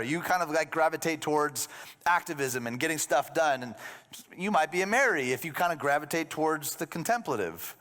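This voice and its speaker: A man's voice: on the high side, a bit bright, big-room sound. A man preaching a sermon as a pastor, conversational with joking asides.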